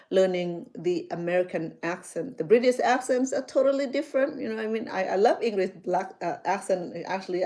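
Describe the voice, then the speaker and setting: This is a middle-aged woman from Cambodia, a chef and vlogger with a Khmer accent, talking casually in a rambling way with frequent fillers and false starts. Her mid-range voice has a dark tone.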